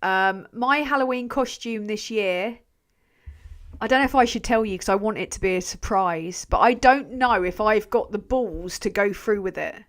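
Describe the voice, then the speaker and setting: A woman's voice: mid-range voice, moderate pace. Rambling, sweary woman streamer. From England. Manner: rambling, sweary, self-mocking, trails off mid-sentence. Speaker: channel host. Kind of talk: casual live-stream chat reading viewer comments.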